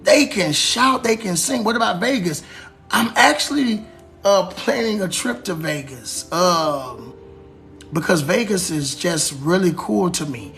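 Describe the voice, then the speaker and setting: A high-pitched man, a preacher, talking loosely to his livestream viewers. He is animated and chatty, calling them y'all and baby, with faint music playing behind him. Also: a little slow, creaky. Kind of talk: casual livestream chat. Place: live stream.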